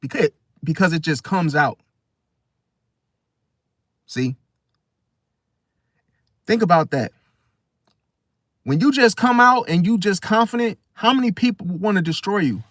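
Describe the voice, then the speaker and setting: An astrology commentator delivers a casual, preachy monologue about star signs, acting out other people's voices and repeating "see?" and "right?". His voice is high and a bit bright, with lively intonation, a measured pace and long pauses. The recording is dry, studio quality.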